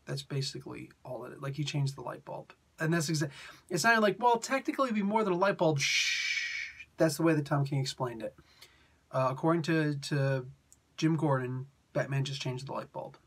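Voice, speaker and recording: Husky exasperated comic reviewer man. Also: mid-range voice, normal speed, a bit bright. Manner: exasperated, rambling, mock-quoting. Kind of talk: casual review rant.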